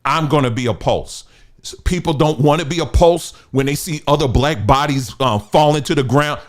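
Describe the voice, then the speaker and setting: A man's voice: fairly high pitch, moderate pace. A man giving a ranting commentary monologue, firing off rhetorical questions and stumbling over repeated words as he pushes his point. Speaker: online commentator.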